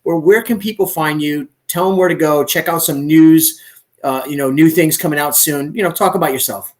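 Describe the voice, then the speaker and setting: A man's voice: fairly high pitch, moderate pace. Guy hosting a podcast on a call, life coach vibe, earnest and encouraging. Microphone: recorded online call.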